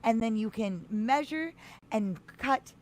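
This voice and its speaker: A woman's voice: fairly high pitch, lively intonation, takes it slowly, a little mellow, a little hiss or hum. A woman hosting a healing livestream, talking casually and gushing over viewers by name, rambling with many restarts. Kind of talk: casual live chat with viewers.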